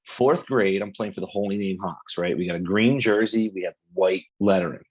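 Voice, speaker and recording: A man's voice: sits low, brisk, husky, low-quality recording. A man chatting casually on a podcast as a regular, telling stories and acting out the quotes in them. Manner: animated storyteller, acts out quotes. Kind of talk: casual chat.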